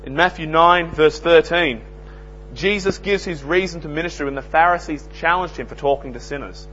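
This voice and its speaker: An earnest young Australian man preaches an evangelistic sermon, sharing plain-spoken anecdotes in a fairly high, slightly bright voice at a moderate pace. The recording is dull and lo-fi, with a faint hum.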